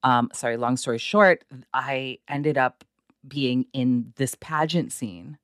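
A woman's voice: very deep voice, slow, dry recording, studio quality. A woman stage actor chatting in an interview, telling an anecdote with lots of "like" and acted-out quotes. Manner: animated, heavy use of "like" and quoted voices. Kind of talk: casual storytelling.

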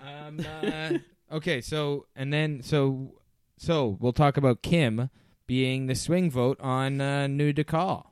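Man, podcast co-host, casual chat, rambling, smooth voice, dry close sound. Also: medium pitch, fairly even intonation, takes it slowly, few pauses, darkish tone, dry recording. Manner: rambling, laughs often, many restarts.

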